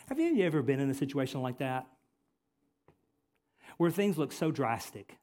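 A male pastor delivering a sermon in a fairly high-pitched voice. He hammers home his points by repeating phrases. He drops from loud, forceful emphasis to quiet, earnest asides. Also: normal speed. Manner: emphatic preaching, swinging from loud to hushed.

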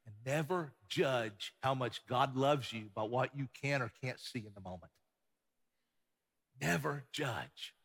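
A pastor giving a sermon, swinging between loud emphatic passages and hushed ones. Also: male voice, mid-range voice, creaky, husky. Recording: long hall reverb.

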